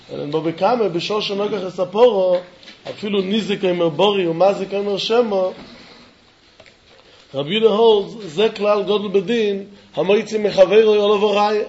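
Male Talmud teacher, high voice, quick and emphatic delivery, dull low-fi recording. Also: a little mellow, slight background noise. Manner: rapid, emphatic, switching between English and Hebrew. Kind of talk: Talmud lecture.

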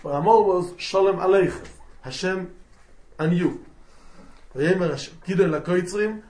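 A man giving a lively Talmud class, mixing in Yiddish and Hebrew terms and acting out the quotes. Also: sits high, normal speed, pauses often, reverberant. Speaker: Talmud teacher.

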